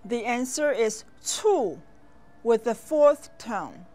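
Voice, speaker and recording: A woman teaching as a language instructor, speaking in a slow, deliberate instructional manner with clear, careful enunciation and long pauses. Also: fairly high pitch, expressive. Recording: voice over soft background music.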